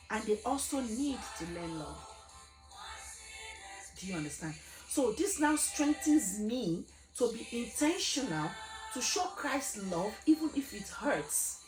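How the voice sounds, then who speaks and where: A woman giving an earnest, emphatic gospel testimony, asking her listeners rhetorical questions. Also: a little high. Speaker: gospel speaker. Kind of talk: personal testimony sermon. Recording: echoey room with faint music.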